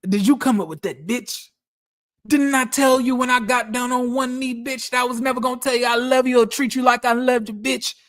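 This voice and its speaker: A man's voice: very high-pitched, steady tone, a little fast, fairly bright tone, voice pushed up. A man voicing a crude, scornful husband who belittles his wife and curses at her. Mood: sneering. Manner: cursing, contemptuous, sneering.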